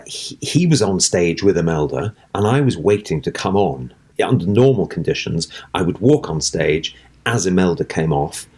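Actor telling a stage story, husky and lowish. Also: male voice. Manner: animated, acts out voices in his anecdotes. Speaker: interview guest. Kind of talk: anecdotal storytelling.

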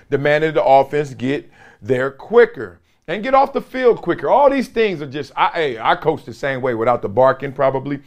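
A middle-aged man hosting a sports talk show, commenting casually and playfully, laughing often and mimicking coaches. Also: a little high.

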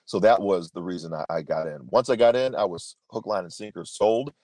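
Low and dark in tone, this man's voice moves fairly quickly on a dry recording. He's a podcast guest in his fifties, telling a personal story in an interview answer with earnest emphasis and frequent restarts.

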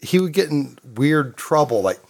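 A man's voice: a little high, expressive, moderate pace. Profane rambling man telling a story. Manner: profane, rambling, laughs often. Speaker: storyteller guest. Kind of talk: casual anecdote telling.

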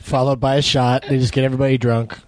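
A man's voice: medium pitch, little pitch movement, quick pace, darkish tone, slight background noise. A man hosting a podcast, bantering and joking with guests over food and drinks. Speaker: podcast host. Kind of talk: casual chat.

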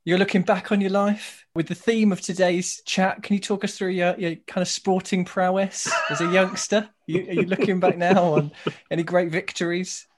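Man, podcast host, casual chat, dry self-deprecating humour, a bit high. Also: little pitch movement, normal speed, hardly any pauses.

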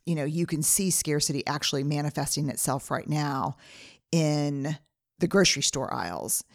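Speaking alone on her podcast, a middle-aged female host sincerely walks through numbered pieces of advice. She has a low voice and a measured pace, and the recording is dry and studio quality.

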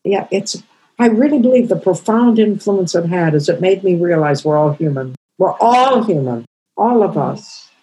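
A woman in her eighties, a comedian guest, telling stories in an emotional, halting way. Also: lowish voice, lively intonation, warm tone, husky, low-quality recording. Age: 80s. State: crying. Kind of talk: storytelling interview answers.

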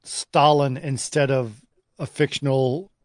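A man co-hosting a casual film discussion, talking in halting, rambling sentences full of restarts. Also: mid-range voice, steady tone, darkish tone, dry recording, studio quality. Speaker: podcast co-host.

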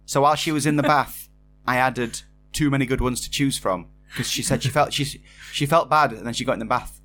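A man's voice: medium pitch, brisk, fairly bright tone, slight background noise. A man co-hosting a casual live show, chuckling as he reads out viewer messages. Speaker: co-host. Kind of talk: casual podcast chat, reading viewer comments.

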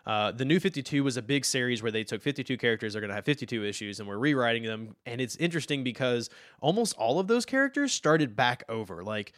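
A man in casual chat who explains comic lore with enthusiasm, often trailing off quietly. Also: medium pitch, lively intonation, fast talker, no echo, clean studio sound. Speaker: podcast co-host explaining comics.

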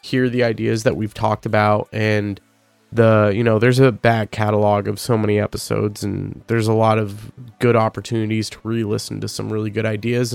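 Earnest, emotional podcast host, gravelly voice. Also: male voice, on the low side, a little mellow, dry recording. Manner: earnest, openly emotional, halting with fillers. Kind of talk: solo podcast monologue.

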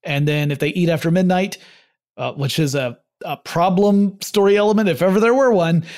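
Hombre copresentador explicando con calma, voz algo aguda. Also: male voice, sits high, moderate pace. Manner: explanatory, relaxed storytelling with restarts. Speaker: podcast co-host. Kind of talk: casual chat.

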